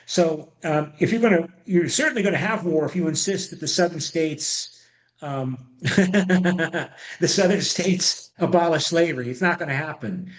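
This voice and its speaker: A man's voice: a little high, normal speed. A man giving an online history lecture, rambling with frequent restarts and repeated words. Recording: echoey room.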